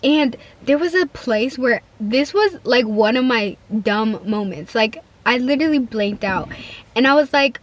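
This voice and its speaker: A woman's voice: a little high, lively intonation, unhurried. A teenage girl telling a casual, rambling storytime vlog, full of "like" and acted-out quotes. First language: Spanish-speaking home, bilingual. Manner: chatty, rambling, heavy use of "like", acts out quoted lines. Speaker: vlogger.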